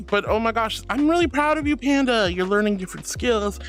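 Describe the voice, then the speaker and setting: A woman's voice: fairly high pitch, big pitch swings, brisk, hardly any pauses, fairly bright tone. A woman streamer chatting casually with viewers, playful and giggly, calling them sweetie and honey. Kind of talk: casual chat reading out viewer messages. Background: faint background music.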